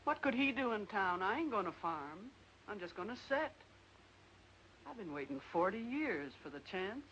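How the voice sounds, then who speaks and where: A dry-witted older farm aunt with a drawl, talking in a homely, tart way. Her voice sits at an ordinary middle pitch. It comes through a muffled old film soundtrack with a faint hiss. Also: very animated, moderate pace, a bit bright. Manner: folksy rural speech, dry tartness. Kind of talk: 1940s film acting.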